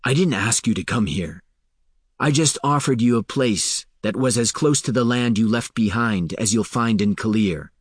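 A man's voice: medium pitch, normal speed, breathy edge, no echo, studio quality, natural voice. A man voicing a blunt, hard male leader who speaks in cutting terms in an audiobook.

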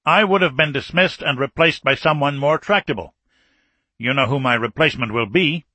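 A man's voice: a little high, moderate pace, sharp tone, no room sound. A man reading an audiobook, voicing a stern older Soviet army marshal with a grave, urgent, insistent delivery.

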